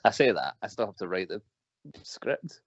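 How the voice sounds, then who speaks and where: A man's voice: on the low side, big pitch swings, moderate pace, breathy edge, no echo. A man co-hosting a live stream in casual chat, playful and teasing, laughing often. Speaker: co-host. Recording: dull, lo-fi video call audio.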